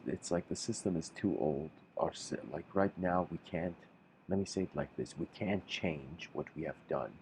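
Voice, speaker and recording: Guy with a really low voice musing through a spiritual lecture, lots of restarts, faint hiss behind. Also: darkish tone, poor audio. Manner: halting, restarts often, musing.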